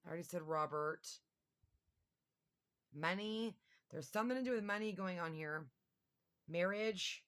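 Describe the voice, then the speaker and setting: A woman's voice: fairly low pitch, measured pace, pauses often, fairly bright tone. A woman giving a casual tarot reading to her viewers, chatty and thinking aloud with lots of fillers. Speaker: tarot reader.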